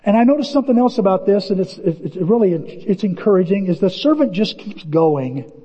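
A man preaching with a high, lively voice that jumps around as he tells a story. The voice is husky, and the sermon is heard through dull, lo-fi audio with a long reverb from a church sanctuary. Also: fairly quick. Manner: animated, storytelling, shouting bursts of excitement. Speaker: pastor.

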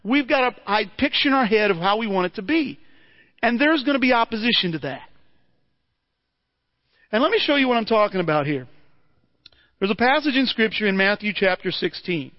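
A man's voice: high-pitched, animated, a little fast, pauses often, dull audio. A man preaching a sermon in a conversational way, asking his listeners rhetorical questions and often repeating words as he restarts.

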